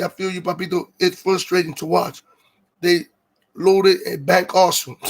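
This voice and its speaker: A high-pitched man delivers a heated, profanity-heavy rant as the host of his own livestream. He keeps stopping to read viewer comments aloud before he launches back into his tirade. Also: fairly bright tone. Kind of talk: ranting livestream monologue.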